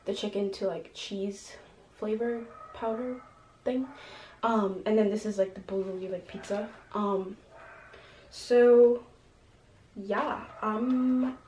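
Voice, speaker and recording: A woman's voice: medium pitch, dark tone. A young woman from New York chatting casually while eating, full of ums and likes, her voice a little shaky from hunger. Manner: chatty, many fillers like "um" and "like". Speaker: mukbang vlogger. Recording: echoey room with faint noise.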